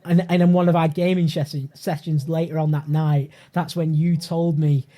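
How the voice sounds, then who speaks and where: Mellow-voiced man, hesitant. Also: a little high, little pitch movement. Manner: hesitant, halting storytelling. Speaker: podcast co-host. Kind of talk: casual chat.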